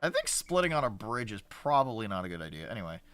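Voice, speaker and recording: A man's voice: on the low side, sing-song, quick pace, a bit bright, no room sound, faint music behind. A male streamer giving casual, rambling gameplay commentary, sarcastic and swearing often.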